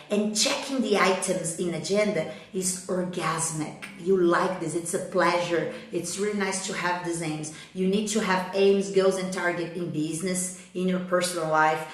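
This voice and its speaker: A woman from Brazil with a Brazilian Portuguese accent, giving a motivational English lesson on a live stream and checking in with her audience often. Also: mid-range voice. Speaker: English teacher. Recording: very echoey room.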